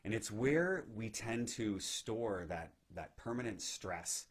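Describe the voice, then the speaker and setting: A man giving a gentle, reflective spiritual teaching talk on meditation, often checking in with "right?". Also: on the low side, lively intonation, takes it slowly. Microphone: live video stream.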